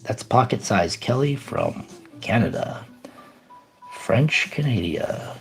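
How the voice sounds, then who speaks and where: An animated man rambles casually on his live stream, reacting to chat in an upbeat way. His pitch swings widely from line to line. Faint music plays behind him. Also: slow pace, creaky.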